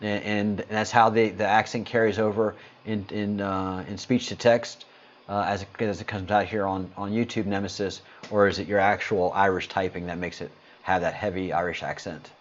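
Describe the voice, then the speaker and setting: A man's voice: fairly low pitch, fairly even intonation, normal speed, dull audio, slight background noise. A man hosting a casual livestream, greeting viewers and answering chat comments in a rambling, hesitant way with lots of fillers. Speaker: livestream host.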